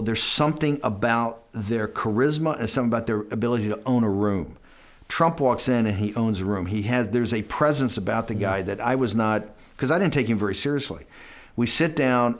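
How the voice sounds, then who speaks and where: A man's voice: mid-range voice, brisk. Man telling a rambling story as a guest. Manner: rambling, quotes others with "I go", frequent restarts. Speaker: interview guest. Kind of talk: anecdotal storytelling in a conversation.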